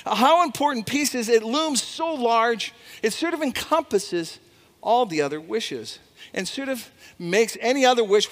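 A man's voice: high voice, fairly bright tone, big-room sound. A man giving a friendly online Christmas Eve devotional as pastor, chuckling now and then and repeating his key phrases.

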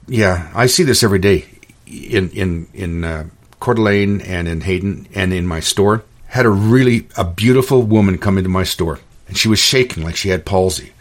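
A man's voice: on the low side, normal speed. A middle-aged man and store owner ranting in a monologue on his own show, indignant and stumbling over restarts. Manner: indignant, repetitive, stammering restarts. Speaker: podcast host and store owner.

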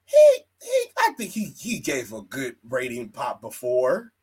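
A man's voice: mid-range voice, wildly swooping pitch, unhurried, darkish tone, breathy edge. A man hosting a casual wrestling podcast, swearing, laughing and mimicking wrestlers' voices. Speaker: podcast host.

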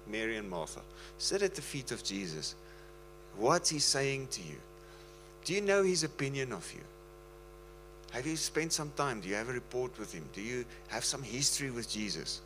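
A man's voice: medium pitch, bright, forceful tone, slight background noise, poor audio. A man preaching in a casual, earnest and pleading way, often slipping into laughter. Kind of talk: casual sermon talk.

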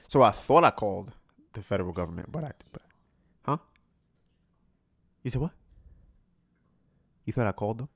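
A man's voice: mid-range voice, dry recording. A young man hosting a podcast, telling a slangy, exasperated story and acting out both sides of a phone call. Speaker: podcast host. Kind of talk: casual storytelling chat.

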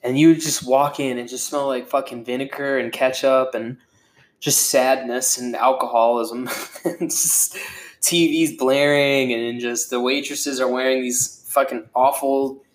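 A man's voice: mid-range voice, steady tone, a little slow. Rambling, profane man in an echoey room. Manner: rambling, profane, with many fillers. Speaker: podcast host. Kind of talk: casual solo podcast monologue.

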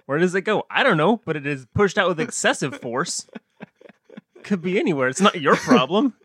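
A playful man co-hosting a comedy podcast, his voice leaping up and down as he builds silly ideas. He sits a little high for a man, and the sound is close and dry. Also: normal speed, slightly rough, dry recording. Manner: animated, playful, riffing with laughs. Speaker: podcast co-host. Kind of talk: comedic brainstorming chat.

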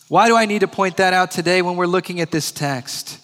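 Preacher with a long hall echo. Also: male voice, high-pitched, fairly bright tone. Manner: slows and repeats key phrases for emphasis. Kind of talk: sermon storytelling.

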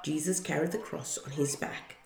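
Low gravelly woman reading a storybook. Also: fairly even intonation, moderate pace, a little mellow. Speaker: parent reading to listeners. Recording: roomy echo.

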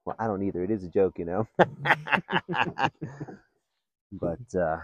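A man hosting a podcast, telling funny stories in a casual, animated way and laughing often. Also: low voice, slow pace, husky, no room sound, dull audio. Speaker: podcast host. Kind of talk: casual storytelling chat.

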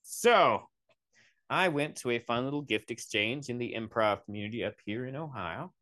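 A man's voice: medium pitch, expressive, normal speed, bright, forceful tone, no room sound. A young man hosting a podcast, ranting in a sarcastic, profane, rambling way into a close mic. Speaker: podcast host. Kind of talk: comedic solo rant.

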